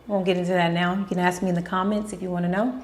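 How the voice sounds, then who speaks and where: A woman's voice: lowish voice, flat delivery, very fast. Female vlog host in a casual Q&A, blunt, opinionated and profane. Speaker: host answering viewer questions.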